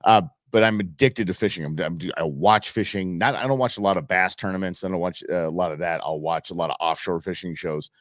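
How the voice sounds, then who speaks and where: Male talk show host, deep-voiced, rambling and jokey, dry close sound. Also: dry recording. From Arizona, USA. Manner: chatty, rambling, jokey with many restarts. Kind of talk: casual talk show monologue.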